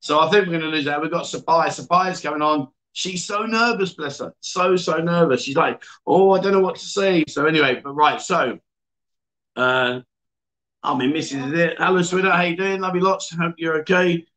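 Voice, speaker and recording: A man's voice: fairly high pitch, normal speed, sharp tone, rough recording. Chatty man hosting a livestream. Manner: chatty, reads viewer comments aloud with frequent fillers. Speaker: livestream host. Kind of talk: casual livestream chat. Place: indoor venue.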